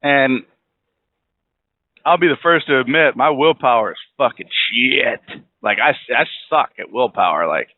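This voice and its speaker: A man's voice: mid-range voice, animated, a little slow, dry recording. A man hosting a podcast, rambling bluntly and swearing freely while driving in a car. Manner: rambling, profane, blunt opinions. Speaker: podcast host. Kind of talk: casual monologue. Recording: tinny phone-like audio.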